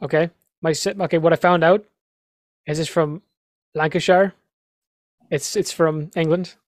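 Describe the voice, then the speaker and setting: A man's voice: on the high side, fairly even intonation, unhurried. A young Irish man chatting casually as a podcast guest, laid-back and swearing freely. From Ireland. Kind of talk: casual chat.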